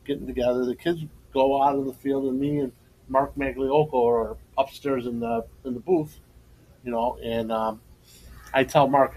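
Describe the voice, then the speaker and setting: A man's voice: medium pitch, fairly even intonation, moderate pace, darkish tone, rough recording. Middle-aged male co-host, laughing storyteller, faint hum behind. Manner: storytelling, laughs often, emotional tribute. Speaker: co-host and former coach. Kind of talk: casual podcast chat.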